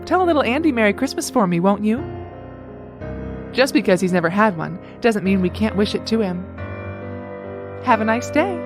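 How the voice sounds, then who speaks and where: A woman's voice: mid-range voice, animated, normal speed, pauses often, music in the background, lightly acted. An actress playing a cold upper-class mother who speaks in precise, cutting insults. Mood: scornful.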